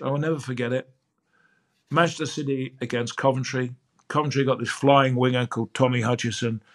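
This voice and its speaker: An older man, a sports broadcaster, telling anecdotes as a guest on a podcast interview. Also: mid-range voice. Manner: lively, acts out quoted dialogue.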